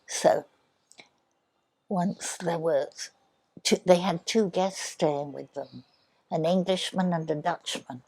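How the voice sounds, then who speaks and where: An older woman telling childhood stories in an interview, speaking softly and sometimes dropping to a near whisper. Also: on the low side, husky. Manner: soft, unhurried, drops to a near whisper. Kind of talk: reminiscing storytelling.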